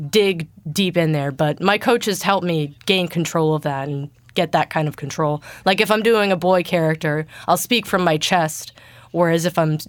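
A young woman talks casually as an interview guest, her voice deep for her age and a bit stuffy from allergies. The tone is smooth and clear, recorded close and dry with no room sound. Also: no echo. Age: young adult. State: congested from allergies. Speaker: guest voice actor.

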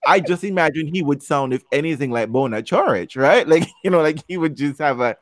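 A man co-hosting a casual chat show, talking in an animated, joking way and often repeating "you know what". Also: fairly high pitch, fairly quick, no room sound. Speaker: podcast co-host.

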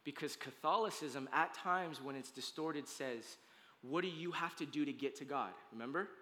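In a church sanctuary that lends a long, ringing reverb, a man delivers a sermon as pastor. His voice is bright and high, and his delivery is casual and emphatic, with slang and rapid restarts.

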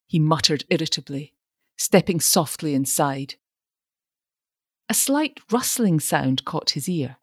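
Expressive low-voiced woman narrator. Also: takes it slowly, no echo, clean studio sound. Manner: expressive storytelling. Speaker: audiobook narrator. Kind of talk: scripted narration.

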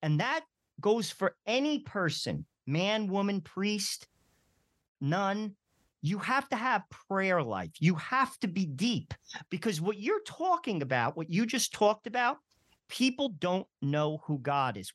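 Blunt cohost guy, lively up and down voice, dry close sound. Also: high voice, slow, dry recording. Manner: blunt, self-described confrontational. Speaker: podcast co-host. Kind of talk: casual podcast conversation.

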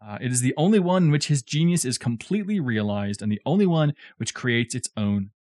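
A man with a lively voice that swings up and down as he explains a novel to his co-hosts, chatty and digressive with little joking asides. The sound is close and dry, with no room around him. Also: medium pitch, a little fast, dry recording. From southern United States. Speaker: podcast co-host explaining a classic novel. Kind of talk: casual explanatory chat.

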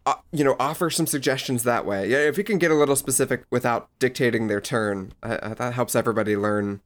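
Man, mid-pitched voice, relaxed, hesitant, lots of fillers, casual game tips. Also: quick pace. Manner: relaxed, hesitant, many uh and you know. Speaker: podcast co-host. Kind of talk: casual board game discussion.

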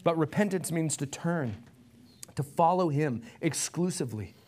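A man preaching an Easter sermon in a church, earnest, rising to emphatic peaks and dropping soft when he prays. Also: on the high side, lively intonation, moderate pace. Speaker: pastor.

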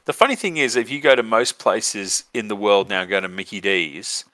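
A man's voice: fairly low pitch, expressive, moderate pace, bright, forceful tone, dry recording. An Australian man hosting a podcast, telling a rambling story casually, with lots of fillers and swearing. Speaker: podcast host.

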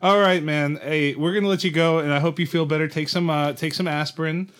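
A man's voice: fairly high pitch, fairly even intonation, brisk, clean tone. A man hosting a casual podcast chat, joking and teasing, often stammering and restarting. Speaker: podcast host.

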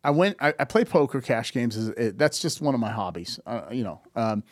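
A man's voice: medium pitch, lively intonation, fairly quick, no echo, studio quality. A man in his fifties talking casually on a podcast, telling stories animatedly, acting out quoted dialogue and often restarting his sentences. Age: 50s. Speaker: podcast guest.

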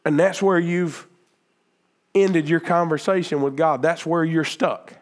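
A man's voice: fairly high pitch, fairly even intonation, measured pace. A man preaching a sermon as pastor, earnest and emphatic, repeating phrases and restarting his sentences.

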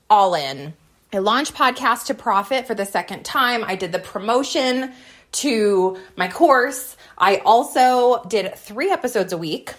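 A woman's voice: medium pitch, lively intonation, measured pace, fairly bright tone. A woman hosting her own podcast, talking in a bubbly, chatty way and laughing at herself. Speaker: podcast host. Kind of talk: upbeat solo podcast chat.

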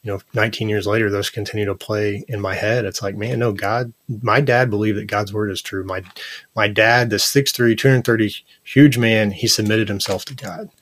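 Earnest deep-voiced man telling stories. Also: normal speed. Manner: earnest storyteller, animated, lots of "like" and "you know". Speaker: podcast guest. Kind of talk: casual interview conversation.

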